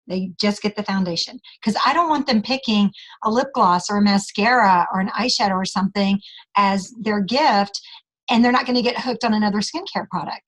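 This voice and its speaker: A woman with a mid-pitched voice gives a practical sales training. She walks her listeners through each step of her script, and she sounds steady and matter-of-fact. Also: rough recording.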